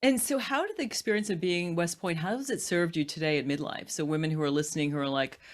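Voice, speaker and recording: A woman's voice: lowish voice, fast talker. A woman in her fifties hosting a podcast interview, asking questions in an encouraging, reflective way. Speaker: podcast host.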